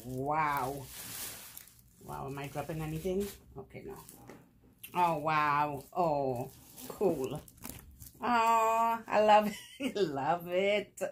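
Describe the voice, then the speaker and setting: A woman's voice: sits low, a little hiss or hum. A woman vlogger opening fan mail, effusive and laughing, repeating her praise over and over. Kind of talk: casual unboxing chat.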